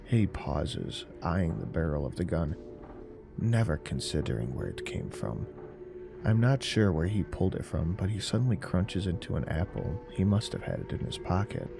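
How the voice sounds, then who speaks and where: A man narrating a horror story in a slow, measured, deadpan way. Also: sits low, vocal fry. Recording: narration over faint music.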